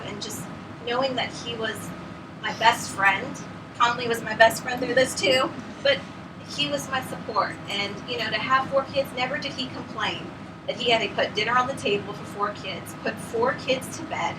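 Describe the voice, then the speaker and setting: A woman's voice: on the high side, moderate pace. A woman in her thirties gives an earnest, tearful thank-you speech as a newly promoted area manager, rambling with many fillers. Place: meeting room with audience. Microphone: camera at the back of the room. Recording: distant camera in a meeting room, noisy.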